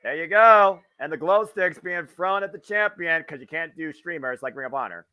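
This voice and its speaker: Speaking at normal speed in a sharp voice on the high side, a Midwestern American man hosts a casual live wrestling watch-along. He stays chatty and wisecracking, swearing as he pleases.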